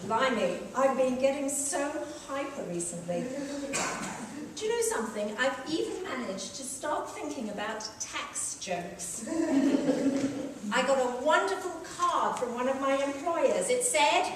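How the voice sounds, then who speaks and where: A woman delivers a stage comedy monologue with wry, self-mocking humor. Her voice sits high and swings widely as she talks unhurriedly. She is heard from far off in an echoey hall with some noise. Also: animated, unhurried. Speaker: comic performer.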